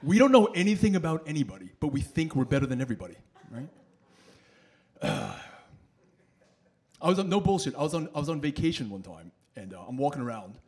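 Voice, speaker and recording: A man doing a loud, animated stand-up set in the back room of a bowling alley, working the crowd. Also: fairly high pitch, brisk. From New York. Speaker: stand-up comedian.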